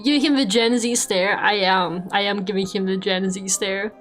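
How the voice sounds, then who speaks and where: A woman's voice: medium pitch, fairly even intonation, normal speed. A woman streamer chatting casually while drawing, swearing freely and laughing often. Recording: faint background music.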